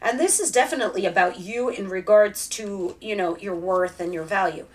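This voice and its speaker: A woman's voice: medium pitch, moderate pace. A woman giving a casual tarot reading straight to the viewer, chatty and direct. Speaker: tarot reader.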